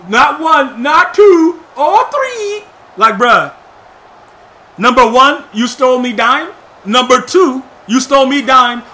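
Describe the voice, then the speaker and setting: High, bright-voiced excitable gamer man. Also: a little hiss or hum. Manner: excitable, trash-talking, slangy, bursts into shouts. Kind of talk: live gameplay commentary.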